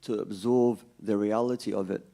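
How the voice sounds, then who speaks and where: A man voicing a patient, wise old grandfather in a story told during a sermon, in his own low voice. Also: steady tone, normal speed, vocal fry, mellow.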